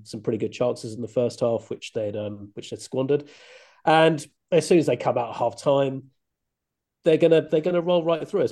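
A man's voice: medium pitch, mellow. A man chatting on a football podcast, musing in a hesitant way with lots of ums. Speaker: podcast guest. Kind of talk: casual football podcast chat.

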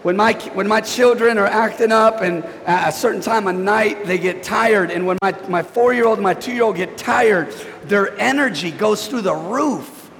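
A man in his thirties, a pastor preaching a sermon in a church, chatty and animated, talking to the congregation. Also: sits high, moderate pace. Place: church sanctuary. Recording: reverberant church hall.

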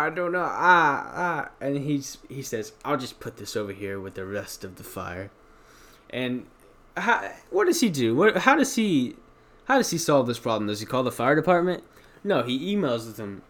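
A man hosts a casual solo review podcast. He rambles in a friendly way and keeps correcting himself mid-sentence. His voice sits in an ordinary middle register. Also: medium pitch. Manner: rambling, self-correcting, chatty. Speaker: podcast host.

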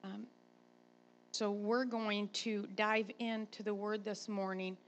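A woman pastor, a grandmother, preaching a sermon and telling a chatty, animated personal story. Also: medium pitch, takes it slowly, lo-fi sound, a little hiss or hum.

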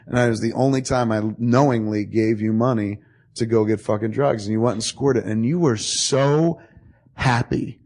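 A man telling a long story to a friend in casual talk, profane and animated, acting out both sides of the dialogue. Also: medium pitch, moderate pace.

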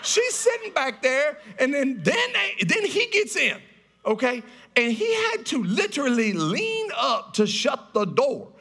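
A man preaching a sermon as a pastor, telling a story loudly and animatedly, acting out the scenes. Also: extremely high pitch, wildly swooping pitch, measured pace, gravelly.

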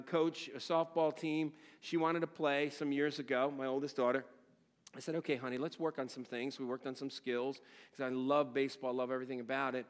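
Animated man preaching a sermon. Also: fairly high pitch. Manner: animated storytelling, swings from excited shouts to quiet, somber tones. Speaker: pastor.

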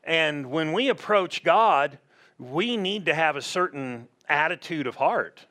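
A middle-aged man preaching, his voice sitting a bit high for a man. He keeps it animated and talky and acts out quick voices to make his points. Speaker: pastor. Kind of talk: sermon.

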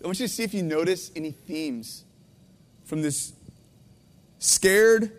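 A man in his thirties preaching a heartfelt sermon, tearful, his voice swinging between hushed and intense. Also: sits high, unhurried, in a large hall. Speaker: pastor. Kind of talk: emotional sermon.

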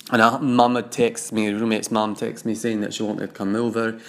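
Guy telling a personal story, wry, kinda low voice, chatty and confiding. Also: flat delivery, fairly quick, fairly bright tone. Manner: wry, confiding, acts out other voices in quotes. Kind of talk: first-person storytelling monologue.

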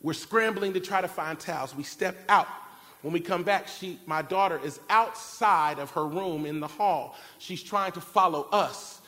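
A man preaching a sermon, telling a family story in an animated way and acting out shouted cries. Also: sits high, moderate pace. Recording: long reverb of a large hall. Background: keyboard music.

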